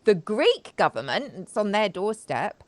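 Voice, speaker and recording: A woman's voice: medium pitch, sing-song, a little slow, no echo. A woman hosting a live stream, giving sarcastic, chatty commentary and talking straight to her audience. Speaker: host. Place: home studio, live video.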